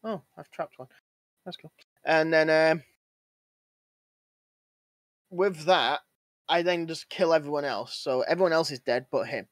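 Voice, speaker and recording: A man's voice: on the high side, measured pace, pauses often, no room sound. Man telling game stories on a podcast. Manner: animated storytelling, acts out characters. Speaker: podcast co-host. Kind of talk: casual gaming podcast chat.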